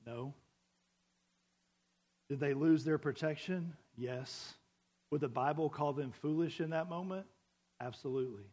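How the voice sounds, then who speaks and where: A man's voice: fairly high pitch, a little mellow. A man preaching a sermon to a congregation in a church, conversational and full of questions to the room. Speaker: pastor.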